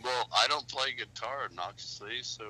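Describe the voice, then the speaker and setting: A man's voice: medium pitch, moderate pace, sharp tone, husky, rough recording. A man co-hosting a podcast, chatting casually, bossy and swearing a lot. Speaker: podcast co-host. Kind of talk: casual profane banter.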